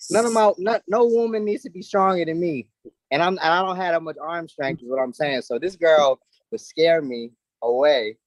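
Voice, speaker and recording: A man co-hosting a live show, bantering in an animated, boastful, colloquial way. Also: on the high side, moderate pace, dry recording, poor audio. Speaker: co-host. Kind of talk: casual banter.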